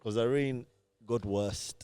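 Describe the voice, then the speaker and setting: A man's voice: medium pitch, takes it slowly, warm tone, clean tone, no room sound. A man hosting a podcast in casual chat, laid-back, laughing often and saying "bro" a lot. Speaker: podcast host.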